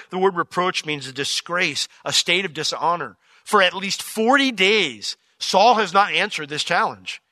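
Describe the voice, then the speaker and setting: A man preaching a verse-by-verse sermon as pastor, acting out the characters' lines in an animated way. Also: sits high, dry recording. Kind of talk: expository sermon.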